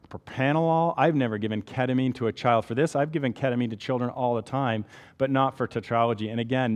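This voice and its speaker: A man's voice: medium pitch, big-room sound. A man with a Canadian accent giving a conversational medical lecture, explaining step by step and checking in with rhetorical questions.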